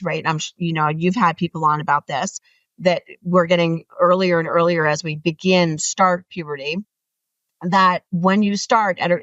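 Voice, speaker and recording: Animated woman guest, distant dull mic. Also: no echo. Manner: animated, earnest, rises in pitch when making a point. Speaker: author guest. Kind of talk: interview conversation.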